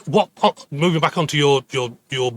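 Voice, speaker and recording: A man's voice: on the high side, normal speed, no echo. A man hosting a podcast interview, affirming his guest and asking questions with some hesitant restarts. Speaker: podcast host.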